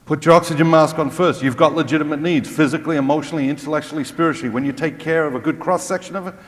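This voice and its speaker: A man's voice: a little high, steady tone, racing. Man giving a comic faith talk. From Australia. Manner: comic, mocking, rhetorical questions to the crowd. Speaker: Catholic speaker. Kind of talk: humorous motivational talk. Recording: long hall reverb.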